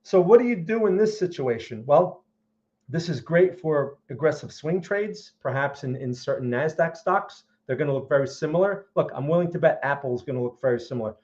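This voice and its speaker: A man's voice: on the high side, lively intonation, brisk, darkish tone, highs cut off. A man hosting a live market analysis stream, speaking emphatically and often checking in with "okay?" and "right?". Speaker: trading analyst host.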